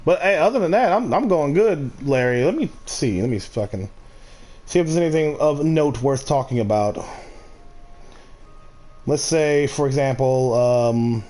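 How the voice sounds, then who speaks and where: A man's voice: mid-range voice, animated, unhurried, dark tone. A man streaming a game, ranting casually in a rambling, profane way with many restarts. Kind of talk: casual ranting while gaming.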